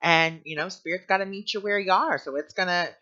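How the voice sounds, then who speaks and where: Male spiritual teacher, conversational storyteller, sharp bright tone, muffled lo-fi recording. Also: sits high, brisk. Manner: chatty, heavy on "you know" fillers. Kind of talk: personal story in a spiritual lesson commentary. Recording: dull lo-fi recording.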